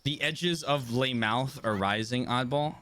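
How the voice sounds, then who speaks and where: A man's voice: medium pitch, measured pace, fairly bright tone, a little hiss or hum. A young man streaming a video game live, chatting casually and teasing his chat in a dry, mock-stern way. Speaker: livestreamer. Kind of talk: casual live gameplay commentary.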